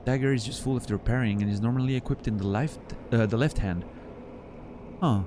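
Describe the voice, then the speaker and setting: A male game streamer talks at an ordinary middle pitch in a loose, rambling way. He muses aloud between moves in the game. He restarts his sentences often and breaks into chuckles. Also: fairly quick, background noise. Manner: rambling, chatty storyteller with frequent laughs and restarts. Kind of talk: casual chat while playing a game.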